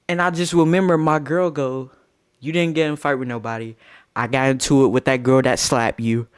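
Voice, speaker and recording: A young man streaming live from his phone, telling a crude, excitable story and acting out what others said. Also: a little high, brisk. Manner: crude, excitable, acts out quotes.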